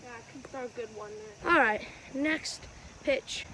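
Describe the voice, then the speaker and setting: A woman's voice: high voice, moderate pace, bright, forceful tone, rough recording. A woman hosting a casual how-to vlog outdoors on a windy day, rambling and correcting herself as she explains, recorded on a phone. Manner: rambling, chatty, self-correcting. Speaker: wiffleball player and channel host. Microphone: phone camera.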